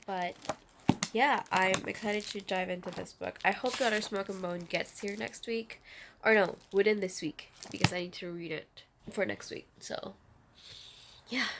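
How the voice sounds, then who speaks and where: A woman's voice: medium pitch, noisy background. A young woman in her twenties from the Philippines chatting casually in a reading vlog, rambling and correcting herself as she goes. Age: 20s. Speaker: book vlogger.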